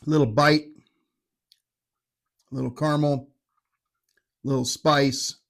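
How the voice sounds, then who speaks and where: A middle-aged man with a medium-pitched, fairly flat, creaky voice talks slowly through a casual whiskey tasting review. He rambles, stays irreverent, and pokes fun at himself.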